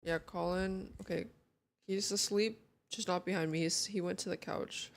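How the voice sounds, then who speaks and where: A woman's voice: lowish voice, fairly even intonation, normal speed, vocal fry. A young woman streaming from home, chatting casually with her viewers in a sleepy morning voice and greeting them one by one. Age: young adult. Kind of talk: casual chat.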